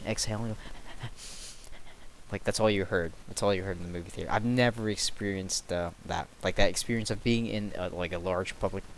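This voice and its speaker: A man's voice: low-pitched, slight background noise. A young man telling stories casually on a late-night stream, rambling, correcting himself and chuckling at himself.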